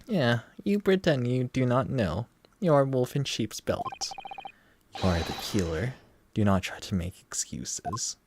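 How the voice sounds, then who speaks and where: Man putting on a gruff Russian ship officer. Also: mid-range voice, expressive, a little slow, background noise, voice pushed up. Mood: accusing. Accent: put-on Russian. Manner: menacing, clipped, accusing. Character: stern Eastern European male ship officer.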